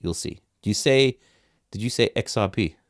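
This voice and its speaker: Rambling crypto livestream host, low dry voice. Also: male voice, animated, moderate pace, no echo. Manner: rambling, repeats words, asks chat for questions. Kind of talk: casual live market commentary.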